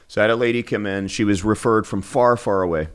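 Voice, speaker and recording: A man's voice: fairly low pitch, fast, smooth. A man, a spine surgeon, telling patient stories in an interview, restarting often. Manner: animated, acts out patients' voices, restarts often. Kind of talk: storytelling in a podcast interview.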